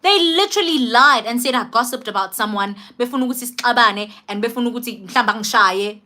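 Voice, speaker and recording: Bright-voiced South African woman telling a story. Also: a little high, fast talker. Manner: animated, expressive storytelling. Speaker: vlogger. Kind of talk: storytime vlog.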